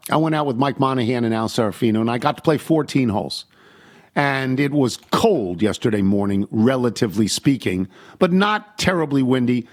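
An older man hosting a talk show, chatting casually and telling rambling, self-deprecating stories. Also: medium pitch. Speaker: host. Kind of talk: casual chat.

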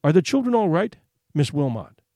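A man's voice: on the high side, big pitch swings, moderate pace, warm tone, no room sound, studio quality. A man voicing an anxious upper-class mother who asks clipped, worried questions in a story reading.

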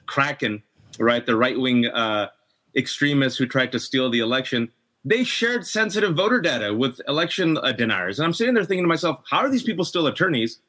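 A man's voice: mid-range voice, a bit bright. Impassioned middle-aged man talking politics. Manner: impassioned, emphatic. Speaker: podcast guest. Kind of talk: political discussion.

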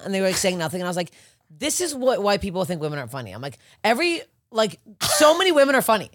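Rapid-fire, animated woman comedian. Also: medium pitch, no room sound, clean studio sound. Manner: rapid, profane, animated storytelling. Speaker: guest comedian. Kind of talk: casual podcast chat.

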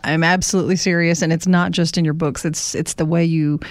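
A woman's voice: on the low side, little pitch movement, fairly quick, dry recording. A woman hosting a radio interview in a studio, praising her guest.

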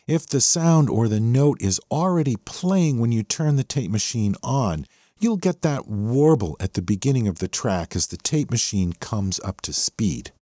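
A man hosts a track breakdown, explaining a rock song's parts with enthusiasm and a teacherly manner while the song plays underneath. His voice is medium-pitched, animated and dark, at a measured pace, in a studio-quality recording with no echo.

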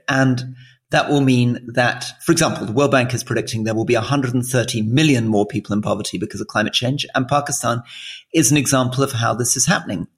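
A man in his forties co-hosting a political podcast, explaining things in an earnest, thoughtful way. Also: mid-range voice. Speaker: podcast co-host. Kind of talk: casual political chat.

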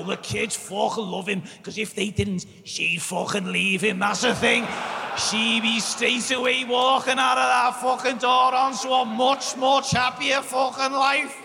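A man's voice: extremely high pitch, vocal fry, a little hiss or hum, voice pushed up, heavily acted. Man shrieking as a foul-mouthed bitter wife. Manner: sweary shouting rant. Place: live podcast show in a hall. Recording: live stage recording with hall reverb.

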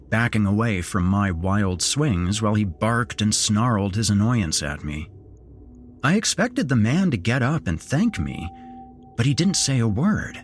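A man hosting and narrating a horror story in a steady, measured storytelling manner. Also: fairly low pitch, slight background noise. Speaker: horror podcast host and narrator.

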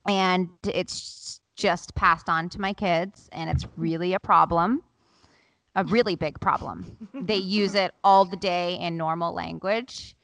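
A woman co-hosting a casual mom chat, candid and quick to swear. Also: on the low side, fairly even intonation, creaky, a bit bright, dry recording. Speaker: podcast co-host. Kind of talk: casual chat among moms.

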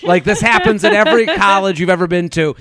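A man's voice: sits high, quick pace, a bit bright. A man from outside Boston co-hosting a casual recap podcast, ranting animatedly and laughing as he talks. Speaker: podcast co-host.

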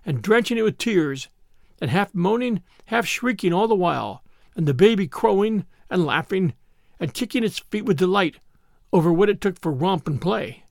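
Man reading a classic story aloud, gravelly, pitch all over the place, dry close mic. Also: moderate pace, dry recording. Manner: expressive, dramatic reading. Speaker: audiobook narrator and podcast host. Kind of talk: dramatic audiobook narration.

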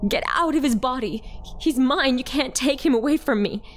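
A woman's voice: sits high, very animated, slow, slight background noise, pitched above the performer's own voice, heavily acted. A woman voicing a frightened, desperate young teen who pleads in a shaky voice. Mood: pleading. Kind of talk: dramatic story reading.

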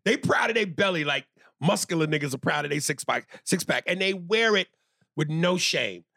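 Gravelly, animated man hosting a podcast. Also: on the high side, moderate pace, dry recording, clean studio sound. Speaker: podcast co-host. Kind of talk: crude comedic podcast banter.

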